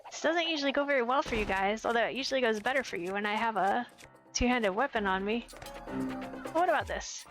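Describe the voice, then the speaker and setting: With music playing behind her, a twenty-something American woman streams a game and chats quickly in a highish voice, rambling playfully and commenting on herself. The audio quality is poor.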